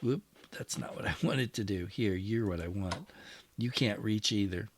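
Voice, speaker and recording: A man's voice: lowish voice, moderate pace, slight background noise. A man hosting a strategy game play-through, musing aloud and talking to his units as he moves them. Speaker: wargame channel host.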